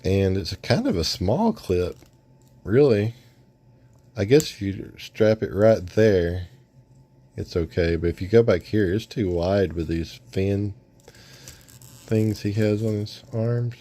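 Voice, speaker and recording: A man talks through a toy review in a relaxed, rambling way, often restarting his sentences. His voice is lowish, mellow and warm. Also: slow pace, long pauses. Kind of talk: casual unboxing review.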